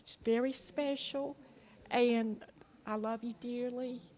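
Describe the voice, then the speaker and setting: A woman giving a heartfelt tribute to her best friend, speaking haltingly. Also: on the high side, steady tone, darkish tone. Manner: halting, emotional. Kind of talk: emotional spoken tribute.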